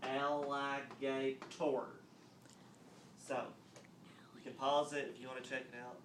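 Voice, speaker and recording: A man's voice: mid-range voice, flat delivery, a little hiss or hum. Man teaching phonics in an echoey classroom. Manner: patient, explains step by step, claps out words slowly. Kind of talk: classroom phonics lesson on video. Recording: roomy echo, mic at a distance, faint ambience.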